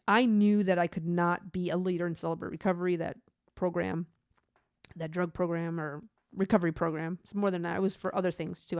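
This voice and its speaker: A woman's voice: mid-range voice, clean tone, no room sound. Earnest rambling woman, dry close sound. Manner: earnest, rambling, with frequent restarts. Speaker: christian vlogger. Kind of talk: unscripted spoken reflection.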